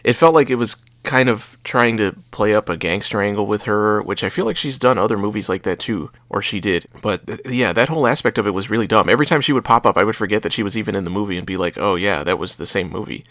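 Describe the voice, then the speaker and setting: Deep-voiced young guy chatting about old movies, loose and rambly, dry close sound. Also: fast, few pauses, fairly bright tone, no room sound. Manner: rambling, hesitant, fillers and restarts. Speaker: podcast co-host. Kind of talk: casual movie chat.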